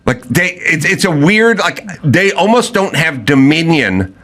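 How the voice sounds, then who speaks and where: A man hosting a podcast in casual chat, telling animated stories and acting out other people's lines. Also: on the high side, measured pace. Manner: fired up, emphatic. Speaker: podcast host.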